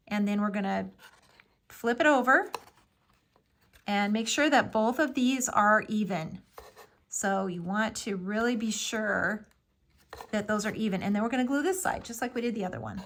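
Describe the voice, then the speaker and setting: A woman's voice: mid-range voice, moderate pace, long pauses, fairly bright tone. A woman giving a casual step-by-step craft tutorial, explaining each move with friendly fillers. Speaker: craft instructor.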